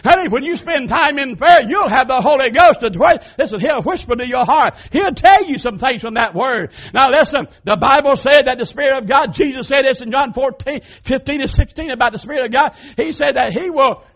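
High-voiced preacher man. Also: lively intonation, a little fast, few pauses. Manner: fervent, rising to shouted cries then dropping to soft folksy asides. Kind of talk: sermon.

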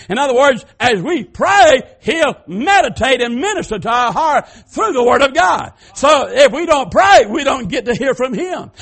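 A man preaching a sermon, swinging between fervent shouted passages and soft folksy asides. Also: extremely high pitch, breathy edge.

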